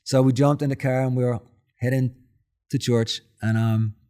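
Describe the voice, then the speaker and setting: A man's voice: medium pitch, moderate pace. A man in his forties with a Dublin Irish accent, a podcast guest telling stories in a casual interview and acting out his own quotes with feeling. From Ireland. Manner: emotional, animated storyteller who acts out his own quotes.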